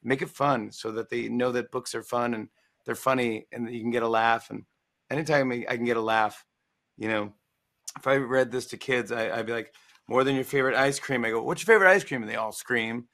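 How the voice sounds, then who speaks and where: A man in his forties, a guest author in a casual interview, talking in a playful, animated way and acting out lines. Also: medium pitch, brisk.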